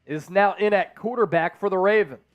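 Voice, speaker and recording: High-voiced hyped man calling plays. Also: a little fast, no echo, dull audio, faint music behind. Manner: energetic, hyped fan banter. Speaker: live stream host doing play-by-play. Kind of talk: excited live play-by-play commentary and chat shout-outs.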